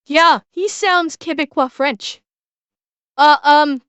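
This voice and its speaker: A woman with a high voice talks casually to her stream, excitable and quick to swear. She keeps restarting her sentences as her thoughts race ahead. The sound is dry and close, with no room around it. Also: no room sound. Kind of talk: casual reaction chat.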